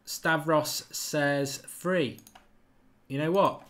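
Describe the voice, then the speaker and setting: A man's voice: fairly high pitch, fairly even intonation, a bit bright. Chatty man hosting a live quiz. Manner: chatty and quick, reads out names and answers. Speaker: football channel host running a live quiz. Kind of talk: live-stream chat reading viewer comments.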